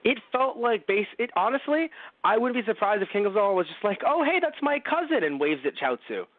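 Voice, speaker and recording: A man on a podcast, chatting loosely about a cartoon and tossing in quick impressions of its characters as he goes. His voice sits a touch high. The sound is dry and narrow, as if heard over a phone line. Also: no echo. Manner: rambling, acts out characters in quick asides. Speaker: podcast co-host. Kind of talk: casual anime review chat.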